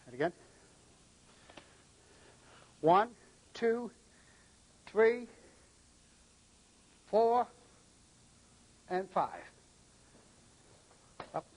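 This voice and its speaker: A man's voice: sits high, very animated, drawn-out words, long pauses, dry recording, highs cut off. A middle-aged man from New England, a martial arts instructor who gives short commands and counts out the moves during a live demonstration.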